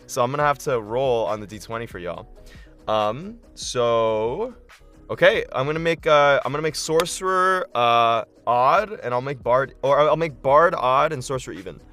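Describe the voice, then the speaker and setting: An excitable man hosts a casual live stream as a game master, thinking out loud and filling pauses with "like" and "um". His voice sits at a middling pitch and jumps up when he gets excited. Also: soft background music. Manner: excitable, thinking aloud, many fillers.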